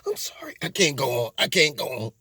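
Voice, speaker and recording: A man's voice: mid-range voice, huge pitch swings, a little fast, pushed and bright, breathy edge, no room sound, pitched below the performer's own voice, full character voice. A man playing a melodramatic, weepy man in a satirical comedy sketch, sobbing and trailing off. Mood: overwrought. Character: melodramatic weepy man telling of a store insult.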